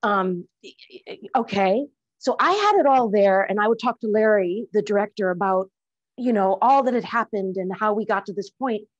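A middle-aged woman talking casually on a video call as an interview guest, animated and acting out quoted lines. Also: medium pitch, a little fast, lo-fi sound. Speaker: actress guest.

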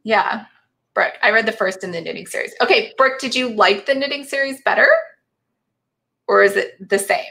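A woman's voice: medium pitch, normal speed, gravelly, pushed and bright. A woman hosting a casual live book club chat, laughing often and reading viewer comments aloud.

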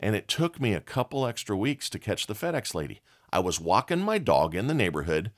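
Folksy, animated middle-aged man. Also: fairly quick. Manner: blunt, folksy storytelling with lively swings in pitch. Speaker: podcast host. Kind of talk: motivational talk.

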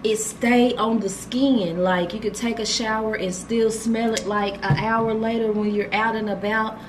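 A woman's voice: fairly high pitch, fairly even intonation, unhurried, hardly any pauses, noisy background. Gushing woman vlogger unboxing gifts. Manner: chatty, gushing, talks straight to viewers. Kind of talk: casual unboxing vlog. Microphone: handheld camera.

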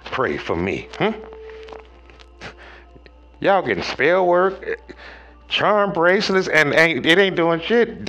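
A tarot reader gives a preachy reading full of slang and profanity, addressing viewers directly and swinging between loud peaks and low murmurs.

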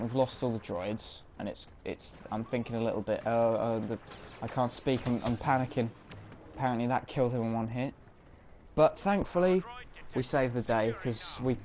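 A man's voice: medium pitch, a little mellow, a little hiss or hum. A man giving casual, self-mocking commentary while playing a video game, reacting on the fly. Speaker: gaming commentator.

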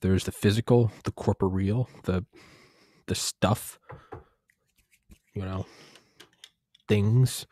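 Low-voiced man rambling, profane. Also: steady tone, slow pace, long pauses, warm tone, dry recording, clean studio sound. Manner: profane, digressive, restarts often. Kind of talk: casual rambling monologue.

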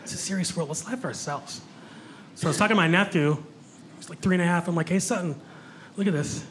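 A man with a high voice doing stand-up in a club, joking about himself and bantering with the audience. The live recording carries a clear hum of room noise behind his handheld mic. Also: fast talker, fairly bright tone. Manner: chatty, self-mocking, talks with the crowd. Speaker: stand-up comedian. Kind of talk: stand-up comedy set. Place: comedy club stage before a live audience.

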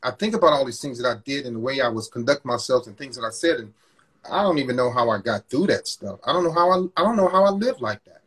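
A man's voice: mid-range voice, expressive, quick pace, fairly bright tone, slightly rough. A man guest candidly recounting his past treatment of a partner, blunt and stumbling, acting out what he used to say. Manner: blunt, repeats words, acts out his past self. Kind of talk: candid personal confession.

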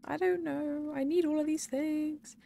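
A young woman chats loosely through a game stream, drifting between comments on the game and replies to her viewers. Her voice sits a little high with a steady gravelly fry, and she giggles and rambles as she goes. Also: unhurried. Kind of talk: casual live-stream chat while gaming.

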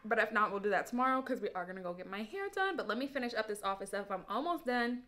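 A woman's voice: a little high, animated, fast, heavy background noise. A young woman talking casually to her viewers in a vlog, chatty and playful, often calling them y'all. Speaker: lifestyle vlogger. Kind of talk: casual vlog chat to camera.

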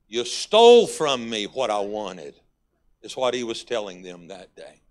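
In a very animated, medium-pitched voice at a measured pace, a guest pastor with a Texas accent preaches in church. The sermon feels folksy and conversational, with sudden emphatic climbs.

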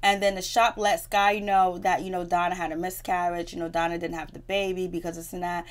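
A woman's voice: lowish voice, flat delivery, fairly quick, smooth. A woman giving a casual spoken recap of a reality show episode, chatty and slangy, often laughing as she retells scenes. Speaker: TV recap vlogger.

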